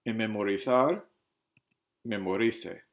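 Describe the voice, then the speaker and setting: Man teaching verb forms slowly. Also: on the low side. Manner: spells out verb stems letter by letter, switches between Spanish and English. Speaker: Spanish teacher. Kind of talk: recorded slide lesson.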